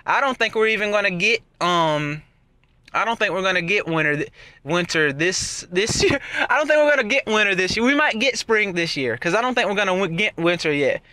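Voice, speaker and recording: A man's voice: sits high, animated, fairly quick, sharp tone, dry recording. A young man in a casual vlog, talking and ranting from inside his car while he drives, laughing often and trailing off into fillers. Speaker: vlogger. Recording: car and road noise behind voice. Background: road and traffic noise.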